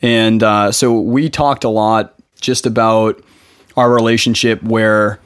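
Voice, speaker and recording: A man's voice: fairly low pitch, steady tone, slow, clear, resonant tone. A man hosting a casual podcast, talking in a laid-back way and saying "like" and "dude" a lot. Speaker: podcast host.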